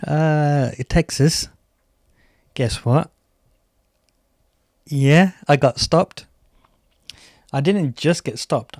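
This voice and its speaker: Slow-talking man doing stand-up. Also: mid-range voice, darkish tone, no echo, studio quality. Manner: rambling anecdotes with quoted voices; slow, halting delivery with many fillers. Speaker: stand-up comedian. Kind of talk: stand-up storytelling.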